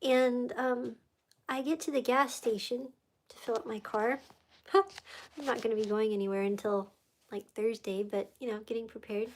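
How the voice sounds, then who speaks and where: An American woman hosts a casual faith testimony livestream, telling her story in a rambling, emotional way and getting sidetracked easily. Her voice is a little high with fairly even intonation, at a moderate pace.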